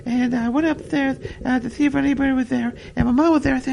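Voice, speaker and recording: High, gravelly, stammering woman podcaster. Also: steady tone, quick pace, hardly any pauses, darkish tone, a little hiss or hum. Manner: stammering, repeats words, giggles. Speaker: podcast host. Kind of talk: rambling comedic parody chat.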